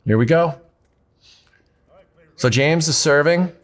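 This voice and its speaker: A man's voice: on the high side, slow. Upbeat male pickleball commentator. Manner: upbeat, steady calling of play. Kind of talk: play-by-play sports commentary. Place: outdoor pickleball court.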